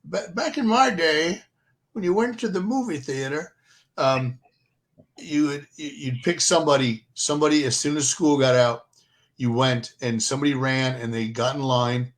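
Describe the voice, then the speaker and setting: A man's voice: a little high, normal speed. An older man co-hosting a casual chat, telling stories with many fillers and restarts. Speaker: podcast co-host.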